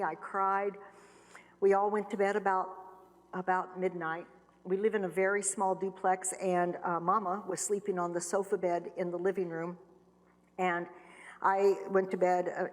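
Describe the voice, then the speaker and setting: A middle-aged woman giving an earnest personal testimony, repeating phrases for emphasis and dropping to hushed tones. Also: medium pitch. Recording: long reverb of a large hall.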